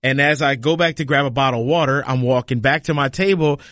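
A man who caddies and co-hosts a podcast, telling a story in a studio in an animated way and laughing often. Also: medium pitch, quick pace, dry recording. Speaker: caddy and podcast co-host. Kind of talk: casual podcast chat. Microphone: studio mic.

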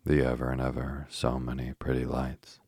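A man's voice: rumbling low, completely flat delivery, normal speed, vocal fry, a little mellow, breathy edge, no room sound, clean studio sound, full character voice. A man voicing a small, dreamy little girl in a storybook reading, in an earnest, wondering way.

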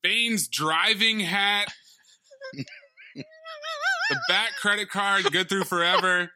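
A man co-hosting a podcast, chatting casually and laughing as he runs through a movie's highlights. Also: a little slow, long pauses. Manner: animated, laughing, listing highlights. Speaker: podcast co-host. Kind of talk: casual movie review chat.

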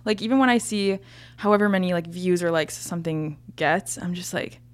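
A young woman from Hawaii, a guest on a podcast, talking in a relaxed, laid-back way full of "like.". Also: fairly low pitch, a little fast, clear, resonant tone. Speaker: guest YouTuber. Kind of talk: casual interview chat.

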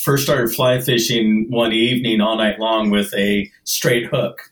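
Male guest, measured and hesitant, low voice. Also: little pitch movement, low-quality recording. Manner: measured, with frequent "um" and "kinda". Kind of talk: casual interview.

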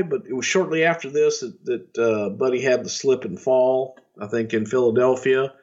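A man's voice: mid-range voice, normal speed, hardly any pauses, a little mellow. A middle-aged man co-hosts a podcast, telling rambling anecdotes laced with swearing and laughter. His voice sits in an ordinary middle register, and the audio is slightly dull and muffled. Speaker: podcast co-host, former wrestling executive. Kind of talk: casual storytelling.

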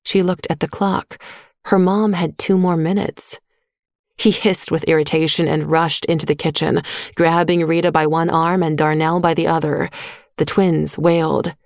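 A woman narrating a short story in a measured, even voice on a close microphone. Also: sits low, gravelly, no echo. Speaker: audiobook narrator. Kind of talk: scripted narration.

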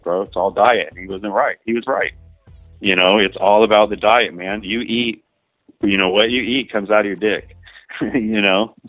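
A man talking casually in an interview, rambling and crude, filling every pause with "you know" and "man". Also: lowish voice, dry recording, phone-quality sound. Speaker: adult film performer guest.

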